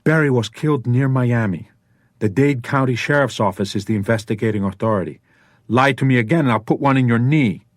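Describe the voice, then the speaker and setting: A man's voice: mid-range voice, a little fast, no echo, studio quality, voice pushed up, lightly acted. A man voicing a small, tough woman who is a former cop, giving clipped, commanding orders at gunpoint.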